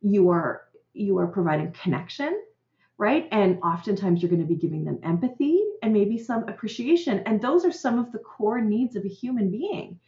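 A woman's voice: medium pitch, expressive, moderate pace, mellow. A middle-aged woman, a parenting coach on a podcast, talking earnestly and often checking in with "right?". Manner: gestures a lot while talking. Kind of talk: podcast interview conversation. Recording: roomy, slightly dull audio.

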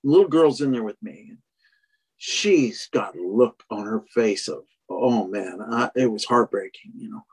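A man's voice: on the low side, lively intonation, normal speed, a little mellow, breathy edge. A man who trains horses, telling a long personal story in a rambling way, full of restarts and "you know". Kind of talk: casual storytelling in conversation.

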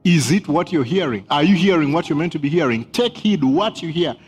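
A man's voice: a little high, expressive, fairly quick, slightly rough, faint music behind. A man preaching a sermon as pastor, emphatic, repeating key phrases and laughing between points.

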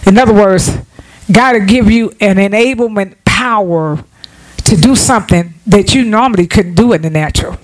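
A woman's voice: medium pitch, normal speed, poor audio. A woman preacher delivering a sermon in informal vernacular speech, with frequent restarts and repeated calls of "Amen" to the congregation.

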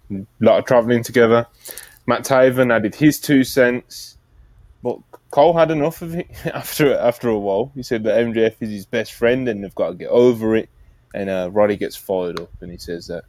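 A man's voice: sits low, a little mellow, dry recording. A man hosting a podcast, casually recapping wrestling in a rambling way, with laughs and restarts. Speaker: podcast host. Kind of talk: casual wrestling review chat.

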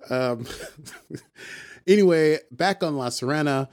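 A podcast co-host with a fairly high-pitched voice recaps an episode in a rambling, playful, casual chat. He slips into quick voices whenever he quotes characters.

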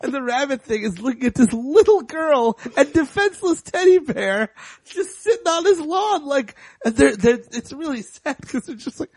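A man co-hosting a podcast in casual chat, animated and dropping into gruff voices to quote characters. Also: extremely high pitch, normal speed, no room sound. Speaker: podcast co-host.

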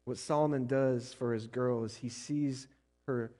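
A man preaching a sermon as pastor to a church, swinging between loud emphatic passages and soft intimate ones, often checking in with the congregation. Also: mid-range voice, fairly even intonation, a little slow. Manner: preaching with rising and falling intensity, asks the congregation questions.

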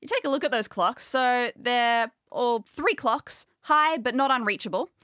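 Woman, game master, second-person narration, lively and wry, fairly high voice, dry sound. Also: measured pace, no room sound.

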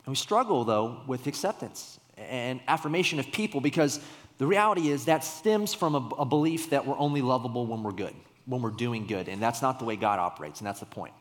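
A man's voice: mid-range voice, expressive, brisk. A young man gives a sermon in a casual, storytelling way, his voice sitting in the middle of the male range. He breaks into sudden emphatic bursts now and then. Long reverb from a church hall trails behind every word. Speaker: pastor.

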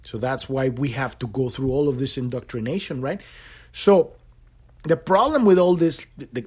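Male podcast host, solo spiritual talk, impassioned, repeats himself, swears, animated rising and falling pitch. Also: slightly rough. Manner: impassioned, repetitive, swears freely.

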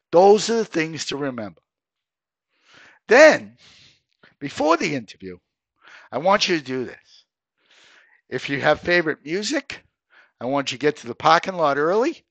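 A man's voice: a little high, fairly bright tone, no room sound, highs cut off. A man hosting a career advice podcast, talking straight to listeners in an emphatic coaching way and often checking in with "okay?". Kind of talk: solo podcast monologue.

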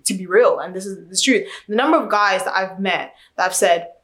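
A woman's voice: medium pitch, fairly quick. Outspoken young woman in casual chat. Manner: outspoken, animated storyteller, acts out quotes.

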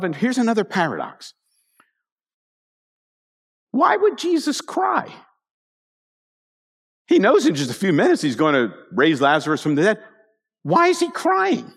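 Male pastor, fairly high, very expressive delivery; chatty sermon storytelling; long hall echo. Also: fast talker. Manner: animated storytelling with asides to the congregation. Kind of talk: conversational sermon.

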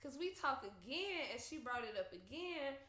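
A young woman chats casually and tells her story with animated, profane energy, breaking into laughter. Her voice sits high and bright and leaps around in pitch. The recording has a roomy echo. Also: moderate pace. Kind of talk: casual chat.

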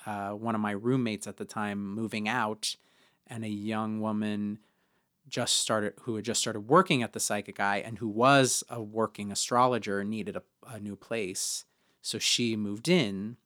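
A man co-hosting a podcast, telling a personal story in a chatty way with many fillers. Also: fairly bright tone. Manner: chatty, many fillers, acts out quotes in higher voices. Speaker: podcast co-host.

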